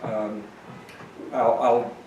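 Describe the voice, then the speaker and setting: A man, the author, reading his book to a live audience with wry, deadpan storytelling. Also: lowish voice, extremely slow, dull audio, a little hiss or hum. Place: event space, live audience. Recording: echoey room from a distance.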